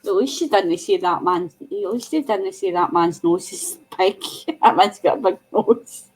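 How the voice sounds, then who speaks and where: A woman's voice: mid-range voice, animated, a little slow, darkish tone, slight background noise, low-quality recording. A woman chatting casually as a guest on a video call, laughing through her own little story. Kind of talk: casual chat.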